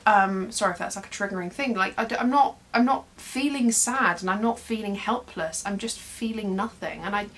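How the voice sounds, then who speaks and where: Here a beauty vlogger talks fairly quickly in a mid-range, slightly bright voice, barely pausing. The young woman rambles and jokes at her own expense as she does her makeup at home in a casual get-ready-with-me chat.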